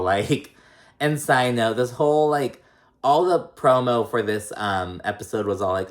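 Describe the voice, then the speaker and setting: A man's voice: mid-range voice, animated, moderate pace. Sassy, profane man recapping reality TV. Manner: chatty, profane, filler-heavy with lots of likes and ums; sassy, exasperated asides. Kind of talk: casual recap commentary.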